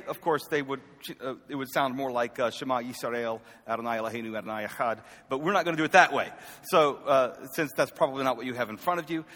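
A man preaching a sermon in a conversational, self-deprecating way, swinging from loud calls to the congregation to quiet asides. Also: on the high side. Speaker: pastor. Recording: echoey hall reverb.

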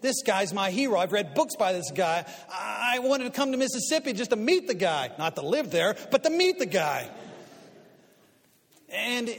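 Middle-aged male speaker, high voice, lively storytelling before a crowd, long hall echo. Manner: animated storyteller, swinging from quiet asides to loud punchlines. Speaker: guest speaker and media commentator. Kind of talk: storytelling talk to a live audience. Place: large hall before an audience. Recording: long reverb of a large hall.

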